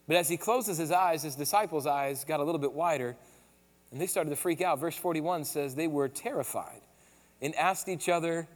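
A man preaching a sermon as pastor, telling the story in a casual, animated way with slang, in a large hall. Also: high voice. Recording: long hall reverb.

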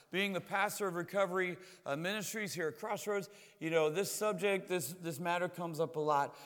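Man, pastor, conversational sermon, high voice, long hall reverb. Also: a bit bright. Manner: conversational, repeats words while searching.

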